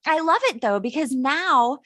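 A woman's voice: high voice, expressive, normal speed, a bit bright, dry recording, clean studio sound. A woman in her thirties hosting a casual chat, swearing freely and laughing often. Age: 30s. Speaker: host.

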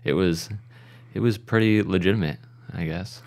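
A man's voice: low-pitched, normal speed, darkish tone. A man co-hosting a podcast, laid-back and easily amused in casual chat. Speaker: podcast co-host.

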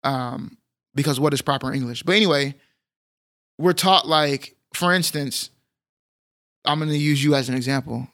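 A man's voice: mid-range voice, moderate pace, long pauses, fairly bright tone. A man with a Texan accent, co-hosting a podcast in casual chat, joking and slangy. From Texas. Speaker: podcast co-host.

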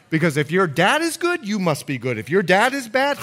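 A man from the Bahamas, a pastor with a Bahamian accent softened by years in the US, preaching an evening sermon and calling out to his congregation. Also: high-pitched, brisk. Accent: Bahamian, softened by long US residence. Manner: animated preaching with call-and-response to the congregation.

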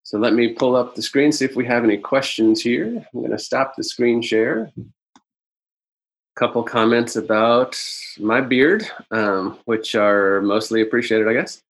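A man presenting a business webinar over a video call, talking in a halting way with many "um"s and "uh"s. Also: medium pitch, low-quality recording.

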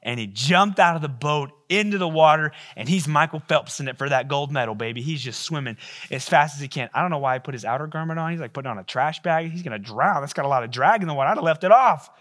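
Male pastor, slightly higher voice, casual animated sermon with jokey asides. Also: fast.

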